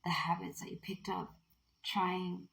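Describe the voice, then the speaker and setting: A woman giving a casual tarot card reading in a playful, chatty way, often dropping into breathy half-whispers. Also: on the low side, level tone, a little slow, fairly bright tone, poor audio.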